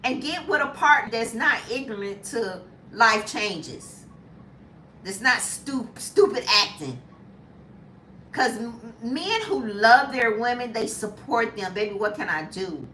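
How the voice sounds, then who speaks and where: A woman in her fifties chatting casually as a lifestyle vlogger, animated and jumping to high squeals when acting out reactions. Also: slow pace, echoey room, far from the mic, slight background noise. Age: 50s. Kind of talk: casual chat.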